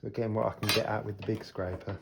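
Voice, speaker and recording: A lowish-voiced man talks fast and casually to camera while restoring old hand planes in his workshop, relaxed as he explains each step with hand tools. Clear scraping and rasping sounds fill the background.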